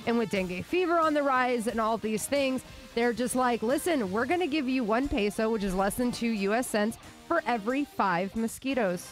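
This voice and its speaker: Female co-host, slightly high voice, chatty headline reader, faint music underneath. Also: lively intonation, normal speed, few pauses. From Arizona. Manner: chatty, reading off headlines with laughs. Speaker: news co-host. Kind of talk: casual radio chat.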